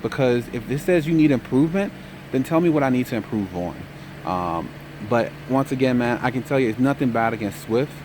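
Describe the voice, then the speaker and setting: A tired young man telling a story in a casual vlog update, relaxed, saying "man" a lot. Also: medium pitch, fairly quick, a little hiss or hum. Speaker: trucking vlogger.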